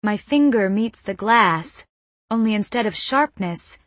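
A woman reading a first-person novel as an audiobook narrator, in a measured, suspenseful manner on a close mic. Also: medium pitch, animated, a bit bright, no echo.

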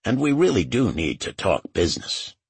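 Brief: narrator doing an anxious older man, earnest, husky, slightly raised voice. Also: lowish voice, wildly swooping pitch, normal speed, no echo, exaggerated voice.

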